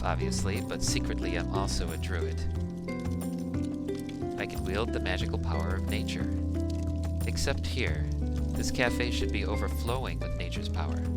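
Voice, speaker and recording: A man voicing a cheerful young elf druid woman in his own soft, quiet voice, with music playing behind him. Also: lowish voice, close to an everyday voice. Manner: soft, quiet reading of game dialogue.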